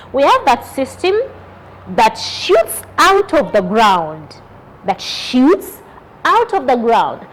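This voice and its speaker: A woman's voice: a little high, a little hiss or hum. A woman teaching a children's lesson, asking questions and spelling words out letter by letter. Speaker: primary school teacher.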